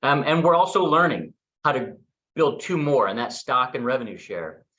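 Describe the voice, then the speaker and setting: A man's voice: medium pitch, expressive, normal speed, pushed and bright, dull audio. Upbeat man hosting a team call. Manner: upbeat, enthusiastic emcee manner. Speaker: real estate team leader hosting a meeting. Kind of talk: casual meeting talk.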